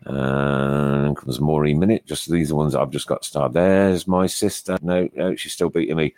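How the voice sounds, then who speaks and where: A man's voice: very deep voice, steady tone, moderate pace, a little mellow, no echo. A man co-hosting a casual football podcast, chatty and running through league standings. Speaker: podcast co-host. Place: small studio.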